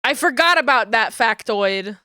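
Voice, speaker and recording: Woman streamer, high bright voice, smooth and clear, chatty, laughs a lot. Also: animated, moderate pace, no echo, clean studio sound. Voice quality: high natural register, finds low voices hard. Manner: chatty, laughs often, reads out chat. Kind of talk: casual chat while streaming a game.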